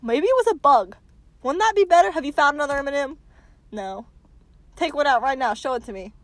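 A woman co-hosting a podcast, arguing in a playful, giggly way and turning loudly indignant. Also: high-pitched, expressive, a little fast, no echo. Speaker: podcast co-host. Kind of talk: casual mock argument.

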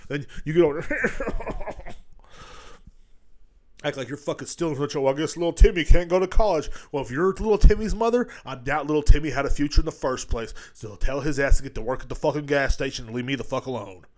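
A man's voice: mid-range voice, lively intonation, a little fast. A middle-aged man hosting a comedy podcast, ranting crudely and mocking voices as he rambles. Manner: profane, rambling, mocking voices mid-rant. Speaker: podcast host.

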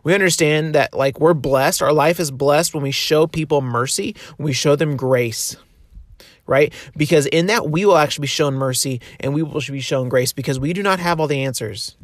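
A man's voice: fairly high pitch, moderate pace, dry recording, studio quality. A man giving a casual, earnest devotional talk, full of fillers and conversational asides.

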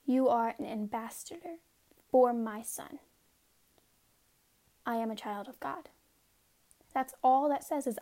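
Slow, high-voiced woman giving a devotional. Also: warm tone. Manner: earnest, reads passages aloud and breaks off for informal asides. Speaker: devotional speaker. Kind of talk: casual devotional talk with read-aloud scripture.

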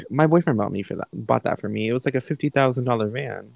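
A man's voice: medium pitch, a little fast, gravelly, hardly any pauses, darkish tone, no echo, rough recording. A young man hosting a podcast at home, casually retelling a conversation with profane, candid asides. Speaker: podcast host. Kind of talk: casual storytelling. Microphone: live online call setup.

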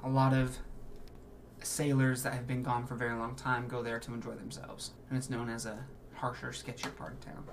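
A man narrating as game master, laying out scenes in a relaxed, descriptive voice. He restarts phrases as he thinks aloud. A faint hiss of ambience sits under his voice. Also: medium pitch, brisk, vocal fry.

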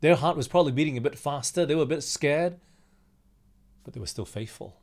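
A man's voice: on the high side, animated, a little fast, darkish tone. Conversational man leading a Bible study. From Australia. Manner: conversational, asks the listener questions, acts out quotes. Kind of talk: sermon-style Bible study talk.

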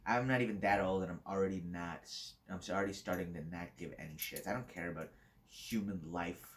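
A man's voice: deep voice, a little fast, slight background noise. A young man hosting a podcast, talking in a blunt, rambling, crude and flippant way, laughing often. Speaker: podcast host. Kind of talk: casual solo podcast monologue.

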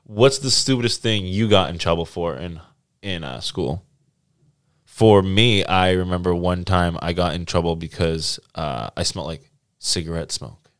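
Low-voiced young man, animated swearing storyteller. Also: normal speed, clear, resonant tone. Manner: animated storyteller, swears freely, acts out quotes. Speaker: podcast host. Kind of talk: casual chat.

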